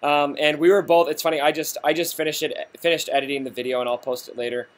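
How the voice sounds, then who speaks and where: A man's voice: on the high side, level tone, quick pace. A young man hosting a casual livestream from a hotel lobby, joking and laughing often. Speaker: livestream host.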